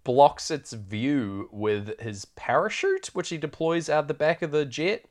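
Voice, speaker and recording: A man's voice: a little high, a little slow. A man hosting a podcast, chatting loosely through a film recap and laughing often. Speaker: podcast host. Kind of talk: casual film recap chat.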